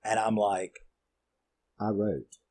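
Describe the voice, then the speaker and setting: A man's voice: lowish voice, steady tone, takes it slowly, warm tone. A man rambling through a horror film recap in casual talk, profane and fired up. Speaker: horror movie reviewer.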